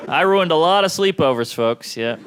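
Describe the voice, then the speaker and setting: A man in his thirties performing a stand-up comedy set on a club stage, with a punchy delivery and quick switches into quoted voices. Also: a little high, animated, some chatter behind, slight background noise. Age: 30s.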